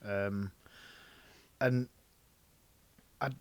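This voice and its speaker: A man's voice: fairly low pitch, steady tone, drawn-out words, smooth. A middle-aged man hosting a podcast. He is easygoing, chuckles often and asks blunt questions. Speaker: podcast host. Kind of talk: casual interview.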